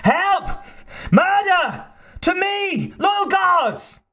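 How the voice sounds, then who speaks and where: Male reader as shrill old king, shaky voice, high-pitched and drawn out, audiobook. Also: very animated, slow pace, heavily acted. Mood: terrified. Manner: shrill, shaking outbursts.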